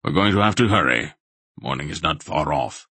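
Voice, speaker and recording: A man reading the lines of a grim old male sorcerer who gives quiet, clipped commands in an audiobook. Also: a bass voice, animated, normal speed, husky, dry recording, exaggerated voice.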